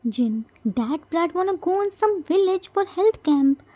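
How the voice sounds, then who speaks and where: A woman's voice: extremely high pitch, expressive, a little slow, dark tone. A woman voicing a vain, dramatic grown man who complains theatrically.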